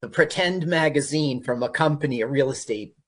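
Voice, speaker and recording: A man co-hosting a radio show, rambling through casual movie commentary and laughing often. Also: fairly high pitch. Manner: lively, rambling, quick to laugh. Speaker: radio co-host.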